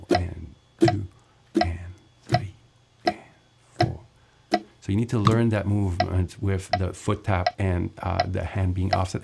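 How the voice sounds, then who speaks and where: Gravelly man counting beats over ukulele. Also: low-pitched. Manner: counts beats aloud while strumming, relaxed and chatty. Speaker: ukulele teacher. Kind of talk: casual music lesson with counting along. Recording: ukulele playing loudly under the voice.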